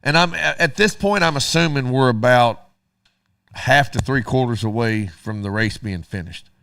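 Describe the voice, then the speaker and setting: A man's voice: medium pitch, normal speed, creaky, a bit bright, clean tone. A middle-aged man, co-hosting a radio show and telling a story casually while acting out both sides of the dialogue.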